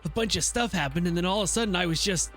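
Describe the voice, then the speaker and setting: A VTuber streamer reading a visual novel aloud and chatting with a co-host in a brisk, matter-of-fact way. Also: mid-range voice, a bit bright, soft background music.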